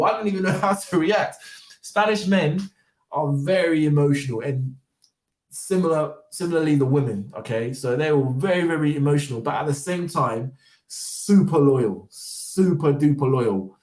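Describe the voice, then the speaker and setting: A man's voice: on the high side, normal speed, a little mellow, far from the mic. A man talking in a casual, rambling monologue, full of fillers and repeated words. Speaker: vlogger. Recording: roomy, voice off-mic.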